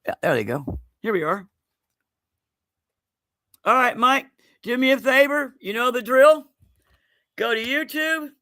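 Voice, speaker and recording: A man hosts a live giveaway stream in an unhurried drawl. His voice is bright and forward, and he keeps laughing and joking as he calls viewers by name. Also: very high-pitched, lively intonation. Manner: laughs often, jokey and loose, talks to viewers by name. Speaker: livestream host running a giveaway. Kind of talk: casual livestream chat.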